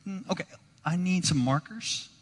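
A man's voice: high-pitched, lively intonation, normal speed. A man playing a nervous teenage boy who hesitates and stammers, in a hall with long reverb.

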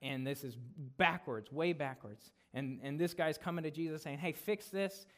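Conversational man preaching a sermon. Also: normal speed. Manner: conversational, often tags lines with "right?"; grows louder and higher on emphasis, drops soft to close a point. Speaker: guest preacher. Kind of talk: expository sermon.

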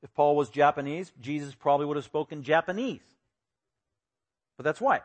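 A man preaching an expository sermon, lively and acting out the voices he quotes with sudden loud bursts. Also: fairly high pitch, moderate pace. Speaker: pastor.

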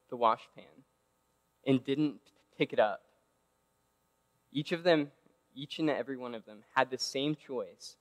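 A man's voice: mid-range voice, a bit bright. Man preaching in a big echoing hall. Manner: conversational, keeps asking "right?". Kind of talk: casual sermon. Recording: long reverb of a large hall.

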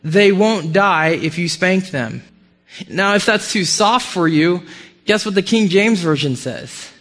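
High-voiced preacher in a reverberant hall. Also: male voice, lively intonation, measured pace. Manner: emphatic, swinging between loud highs and quiet lows. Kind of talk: sermon.

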